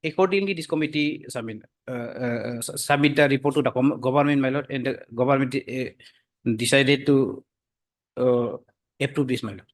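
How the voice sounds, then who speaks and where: A man arguing before a judge in a courtroom, halting with many fillers and addressing the bench as "my lord" again and again. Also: medium pitch. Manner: hesitant, full of fillers, repeats "my lord" constantly. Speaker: advocate for the government. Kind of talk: courtroom argument.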